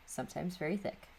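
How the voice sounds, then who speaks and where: Woman, Midwest accent, casual craft vlog, chatty and rambling, slight fry, faint hiss. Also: fairly low pitch, a little mellow. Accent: Upper Midwest American. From American Midwest. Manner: rambling, chatty, frequent ums and laughs. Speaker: craft channel host.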